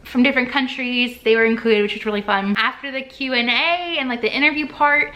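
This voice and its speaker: A young woman vlogger telling an excited story to her camera, gushing, with lots of fillers and restarts. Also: a little high, fairly quick.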